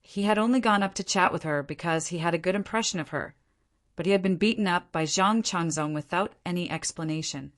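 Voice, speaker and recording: Woman narrator with a lower voice reading a novel in steady, scripted narration. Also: a little fast. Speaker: audiobook narrator.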